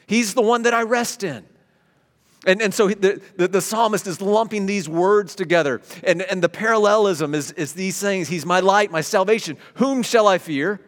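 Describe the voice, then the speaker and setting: A man preaching a sermon, stumbling over repeated words and swinging between loud emphasis and hushed tones. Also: high-pitched, normal speed. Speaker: pastor. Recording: long hall reverb.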